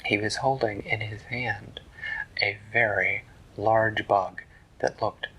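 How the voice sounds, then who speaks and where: A man narrating a bedtime story in a hushed, slow, gentle whisper. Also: fairly low pitch, steady tone, slight background noise, poor audio.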